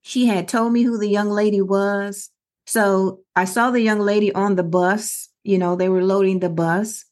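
A middle-aged woman co-hosts a casual podcast, her voice sitting at a medium pitch. She tells stories earnestly and acts out the other people's lines as she goes. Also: steady tone, moderate pace, a little mellow. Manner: earnest storytelling with quoted dialogue. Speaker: podcast co-host.

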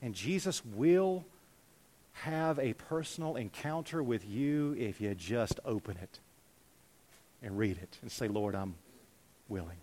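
A man preaching a sermon as pastor, animated, swinging from loud urging to hushed, quiet lines. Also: medium pitch, unhurried, a little hiss or hum.

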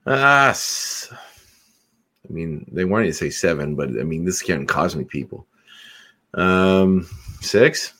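A man with a low voice trades quick guesses in a casual podcast chat as co-host. His delivery is lively, and he teases and grumbles playfully.

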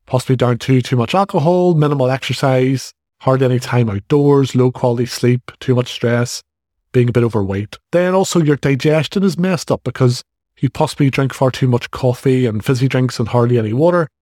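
A man's voice: mid-range voice, brisk, a little mellow, no echo, studio quality. A man in his forties with a Northern Irish accent, hosting a solo fitness podcast in a casual, direct way with jokey asides. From Northern Ireland. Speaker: podcast host and fitness coach.

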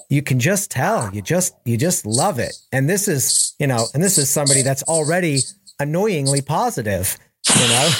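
A man hosting a conversation, warmly enthusiastic and halting, with frequent restarts. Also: medium pitch, no room sound, clean studio sound. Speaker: host. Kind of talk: casual conversation.

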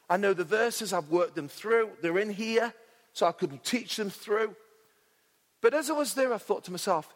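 A man's voice: high-pitched, fairly bright tone. A man preaching a sermon as pastor, fervent with jokey asides to the congregation, heard in a church hall. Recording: hall reverb.

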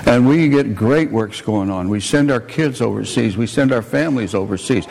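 Gravelly-voiced man preaching in reverberant church. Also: mid-range voice, normal speed. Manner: plainspoken, warm asides to the congregation. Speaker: preacher and missionary. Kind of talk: folksy sermon storytelling. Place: church sanctuary. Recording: long church reverb, faint noise.

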